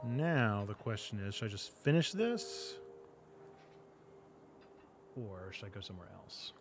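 A man, a pastor, giving casual livestream commentary as he plays, animated and often laughing and talking to himself. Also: on the low side, a little slow, faint music behind. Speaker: pastor streaming games.

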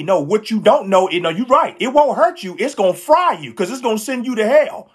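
A woman's voice: medium pitch, sing-song, a little fast, husky. A woman preaching a live sermon, fervent and emphatic, repeating lines and calling out to her listeners in casual, slangy speech. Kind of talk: live-streamed street-style sermon.

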